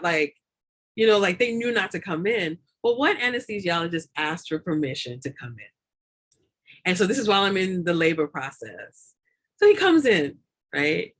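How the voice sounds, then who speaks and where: A woman's voice: medium pitch, a bit bright. Chatty woman guest, rambling with fillers. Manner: rambling, frequent fillers and repeated words, laughs often. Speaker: doula and lactation consultant, guest. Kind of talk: casual interview talk.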